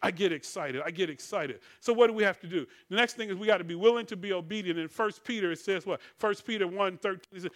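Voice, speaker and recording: A middle-aged man, preaching a sermon in call-and-response style, swinging between loud declarations and soft, murmured passages. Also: sits high, fast, few pauses. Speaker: pastor.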